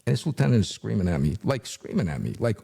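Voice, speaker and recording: A middle-aged man with a low, dark and husky voice tells a story from his working years. His talk is casual and animated, full of fillers. He acts out the lines of the people in the story. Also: quick pace. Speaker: retired investigator, guest.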